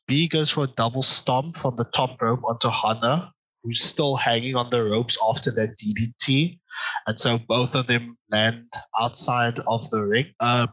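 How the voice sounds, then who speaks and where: A man's voice: medium pitch, sharp tone, breathy edge, rough recording. A man co-hosting a casual podcast, recapping a wrestling match move by move in a loose, chatty way. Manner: loose and chatty, many fillers and repeated "I see". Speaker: podcast co-host.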